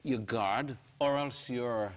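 A man in conversational Bible teaching, earnest, slowing down to read scripture aloud. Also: medium pitch. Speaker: guest preacher explaining the Bible.

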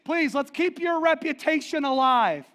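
A man's voice: very high voice, animated, measured pace, fairly bright tone, voice pushed up, heavily acted. A man preacher voicing Moses as an anxious man pleading with God, urgent and raised.

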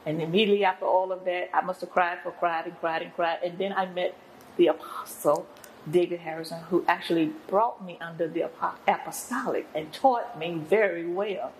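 A woman's voice: lowish voice, steady tone, a little fast, slight background noise, poor audio. An older woman, a guest apostle and pastor, telling her testimony in an interview in an earnest, preacherly way.

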